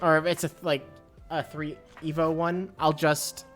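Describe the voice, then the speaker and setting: A woman streaming a game live, chatting to her viewers and breaking into excited squeals and laughter. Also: deep voice, measured pace, soft background music. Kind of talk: live gameplay stream chat.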